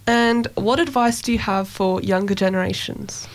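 A woman's voice: mid-range voice, normal speed. A woman interviewing a guest, asking encouraging questions. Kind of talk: casual interview.

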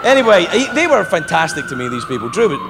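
Animated high-voiced male stand-up comic. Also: fast talker, vocal fry. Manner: animated, swearing, laughing asides. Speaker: stand-up comedian. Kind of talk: stand-up comedy storytelling. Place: comedy stage before a live audience. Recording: live club with crowd noise.

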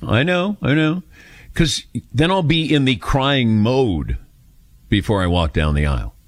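A man's voice: medium pitch, expressive, unhurried, no room sound. A man in his fifties hosting a radio talk show, chatting and telling stories about himself in a casual, self-deprecating way into a studio microphone.

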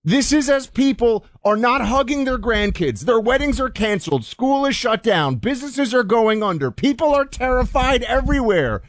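A man co-hosting a political talk show, indignant, his voice swinging high when he gets heated. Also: sing-song, moderate pace, hardly any pauses, no echo, studio quality. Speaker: radio co-host.

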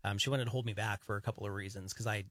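A man co-hosting a radio talk show, telling animated, rambling stories in casual chat. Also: on the low side, very fast, no room sound, studio quality. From grew up in the countryside.

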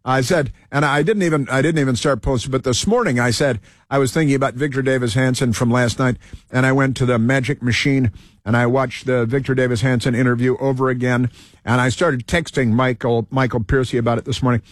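A man's voice: mid-range voice, steady tone, a little fast, no echo, clean studio sound. A man hosting a talk show, rambling through an opinion monologue with many fillers and restarts. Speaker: radio talk show host.

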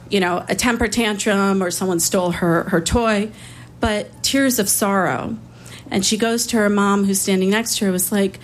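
A woman public defender telling a personal story in a conversational way, with small restarts and pauses. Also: mid-range voice, fairly even intonation, a little hiss or hum.

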